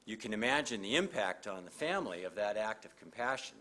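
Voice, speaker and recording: An older man, a district judge from Montana, giving a measured, earnest speech at a graduation ceremony and reading an oath at a podium microphone. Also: lowish voice, animated, pushed and bright. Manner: measured, earnest, with pauses and fillers.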